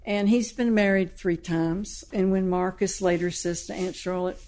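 A woman speaks in a slightly low voice. She talks as a novelist, eagerly retelling her own story's plot in relaxed, conversational interview talk. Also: normal speed. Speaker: novelist discussing her book. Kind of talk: conversational book discussion.

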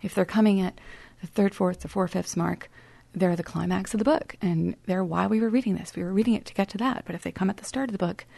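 Female author guest, reflective storyteller, warm low tone. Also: fast talker, vocal fry, no echo. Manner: thoughtful, storytelling, drops to soft near-whisper at grim points. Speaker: author and writing teacher. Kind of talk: interview guest explaining.

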